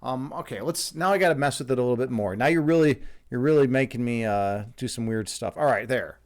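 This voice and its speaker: Streaming live from home, a man who works as a chess instructor and meditation guide chats casually in a rambling, jokey way, often restarting his sentences. His voice is mid-range and he talks a little fast.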